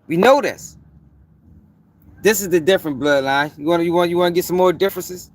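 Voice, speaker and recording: A man's voice: sits high, a little fast. Profane, emphatic man ranting. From Baltimore. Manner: profane, emphatic, repeats points for stress. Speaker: commentary channel host. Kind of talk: heated commentary rant.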